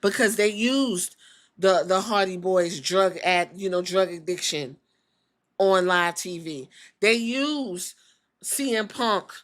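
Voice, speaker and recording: A woman podcast host giving blunt, animated, profane commentary in a casual, opinionated way. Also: fairly low pitch, slow pace.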